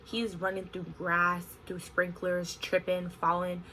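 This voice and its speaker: Young woman vlogger, bright tone, animated storytime delivery, faint room hum. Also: fairly low pitch, unhurried, low-quality recording. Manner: animated, expressive retelling with frequent "like". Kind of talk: casual storytime vlog.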